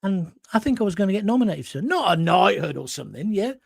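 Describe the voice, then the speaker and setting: A middle-aged man tells a long, rambling anecdote, cursing freely and wandering off into asides. His voice sits high and swings widely in pitch. The sound is close and dry. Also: very animated, fast talker, vocal fry, husky, dry recording. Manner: swearing, rambling with restarts and asides. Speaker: host. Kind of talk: casual storytelling monologue.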